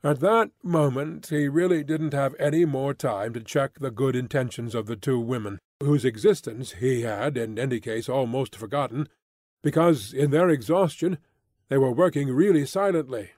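A man narrating a classic novella as an audiobook reader, measured and expressive. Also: mid-range voice, no room sound, clean studio sound. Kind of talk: scripted literary narration.

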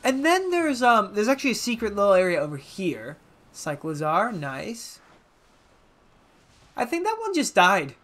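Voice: mid-range voice, wildly swooping pitch, unhurried, long pauses, a bit bright. Rambling, self-mocking let's play commentator. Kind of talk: casual gameplay commentary.

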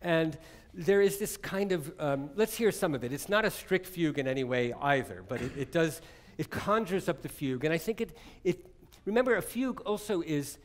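A man's voice: fairly high pitch, lively intonation, moderate pace, hardly any pauses. A man giving a conversational, jokey music lecture, often digressing as he explains a piece. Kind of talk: lecture-demonstration on chamber music.

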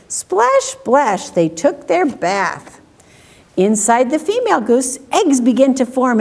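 A woman reading picture books aloud at a children's story time, asking questions and making animal sounds in a slow, sing-song way. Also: high voice, darkish tone.

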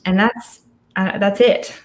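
A woman's voice: mid-range voice, fairly even intonation, slow, echoey room. A middle-aged woman, an audio studio founder, speaking casually and thoughtfully in a virtual talk over a video call. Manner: chatty, thoughtful, with frequent restarts.

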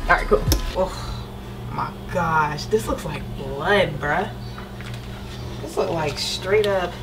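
Woman vlogger, slangy and playful, slow easy delivery, music bed behind. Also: on the low side. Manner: slangy, playful, talks to her viewers. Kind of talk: casual vlog chat.

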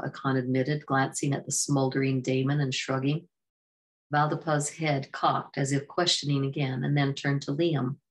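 A woman with a notably low voice reads a storybook aloud at a steady pace. Her delivery is even and plain, with the occasional self-correction. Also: moderate pace. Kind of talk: storybook narration.

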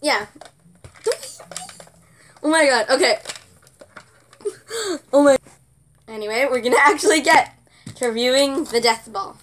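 A woman's voice: sits high, normal speed, long pauses, a bit bright. A woman reviewing a product in casual chat, sarcastic and giggly, often exasperated.

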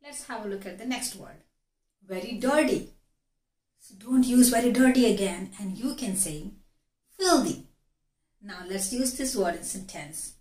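A woman with an Indian English accent teaches an English vocabulary lesson, repeating each key word. Her voice sits at an ordinary middle pitch. The room around her gives a clear echo. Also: animated, darkish tone. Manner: explains slowly, repeating key words. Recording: echoey room.

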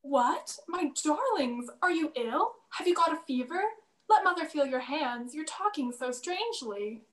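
A woman's voice: sits high, animated, unhurried, roomy sound. A girl playing a fussing mother. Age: young adult. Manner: fussing, gently scolding. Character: fussing, caring mother of two children. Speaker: student actor. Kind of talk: stage play acting.

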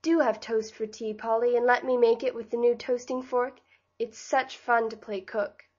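A woman's voice: a little high, level tone, normal speed, a little mellow, highs cut off, lightly acted. A woman reading the part of an eager, childish younger sister, in a gushing, delighted way.

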